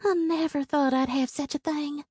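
A woman's voice: high voice, fairly even intonation, normal speed, a little mellow, dry recording, studio quality, voice pushed up, close to an everyday voice. Woman doing an eager young country girl. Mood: excited, joyful. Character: poor, sweet-natured young country girl.

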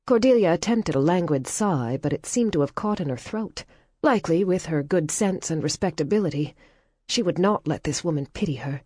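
A woman narrating a novel in a measured, wry storytelling manner. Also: fairly low pitch, lively intonation, darkish tone, breathy edge, dry recording, clean studio sound. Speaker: audiobook narrator. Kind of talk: scripted narration.

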